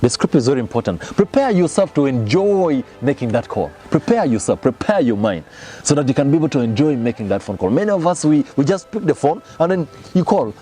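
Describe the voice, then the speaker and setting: A man's voice: mid-range voice, big pitch swings, a little fast, dark tone. A man giving a motivational sales lesson, emphatic and repeating his key phrases as he addresses the audience directly. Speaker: sales trainer.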